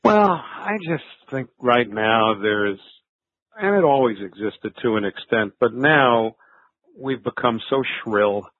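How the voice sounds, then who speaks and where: A man's voice: medium pitch, lively intonation, takes it slowly, no echo. An older man, a veteran sports broadcaster, telling stories in a conversational interview, with fillers and restarts. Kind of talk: reflective interview answers. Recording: thin phone-like line.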